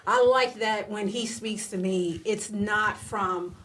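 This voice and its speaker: A woman guest on a podcast, reflective, searching for her words with pauses. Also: medium pitch, a bit bright, a little hiss or hum. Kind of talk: casual conversation.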